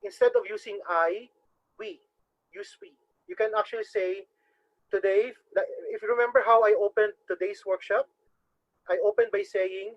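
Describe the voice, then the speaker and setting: A man's voice: sits high, fairly even intonation, normal speed. A man with a strong Visayan Filipino accent teaching public speaking in an online webinar, earnest and often repeating words as he thinks. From Philippines, Cebu. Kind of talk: webinar lecture. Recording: dry, dull lo-fi webinar audio.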